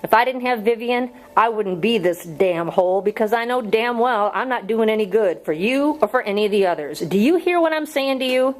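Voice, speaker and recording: A woman's voice: medium pitch, normal speed, lightly acted, poor audio. A woman voicing an earnest young male schoolteacher in an audiobook reading, pleading with strained patience.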